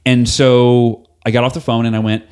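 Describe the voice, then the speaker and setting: Man guest on a podcast, mid-range voice, lively storyteller who voices the people in his story. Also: medium pitch, moderate pace, clean tone. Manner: animated, acts out quoted dialogue, casual swearing. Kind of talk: storytelling in a conversational interview.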